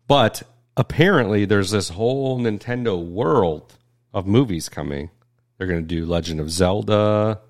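A man's voice: fairly low pitch, unhurried. A man co-hosting a casual chat show, rambling loosely with plenty of fillers. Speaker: podcast co-host.

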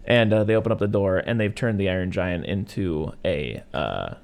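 A man co-hosting a casual podcast, recapping a film scene by scene and slipping into quick silly voices for its characters. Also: low-pitched, gravelly, slight background noise. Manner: animated, acts out movie characters in quick put-on voices. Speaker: podcast co-host. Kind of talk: casual movie recap chat.

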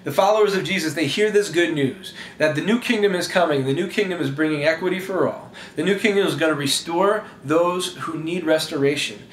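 A man preaching a sermon in an animated, conversational way that often repeats words as he goes. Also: fairly high pitch, a little fast, few pauses, reverberant, slight background noise. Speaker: pastor.

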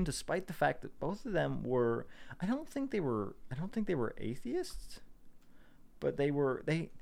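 Young man, casual rambling monologue, sarcastic, swears a lot, gravelly creaky voice. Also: lowish voice. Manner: rambling, profane, sarcastic, frequent fillers and laughs.

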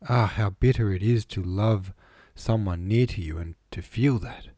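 A man voicing a gentle, sorrowful young noblewoman in an audiobook, reading her lines in a raised, pleading tone. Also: lowish voice, a little slow, no room sound. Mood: tearful.

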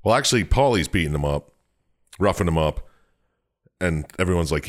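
A man with a very deep voice that still swings widely in pitch as he talks. He co-hosts a casual podcast, retelling a game's plot in a relaxed way, laughing often and swearing freely. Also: brisk, pauses often. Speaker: podcast co-host. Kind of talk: casual chat recapping a video game.

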